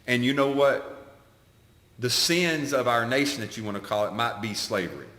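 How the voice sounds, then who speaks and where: A man of middle pitch delivers opinionated, preachy casual talk with a bright, forceful edge. His voice rings out in a roomy space with a long reverb. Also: normal speed. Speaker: podcast co-host, coach. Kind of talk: casual chat. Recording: echoey room with long reverb.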